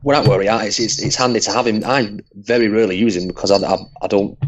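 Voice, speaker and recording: A man, a guest expert on a game stream, giving measured opinions and repeating his points. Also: fairly low pitch. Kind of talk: casual group chat on a call.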